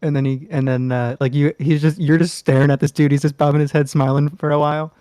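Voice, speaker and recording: Mellow-voiced man rambling as game master. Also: fairly high pitch, little pitch movement, fast talker, clean tone, dry recording. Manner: rambling, loose casual narration with many fillers and laughs. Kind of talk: narrating a tabletop game.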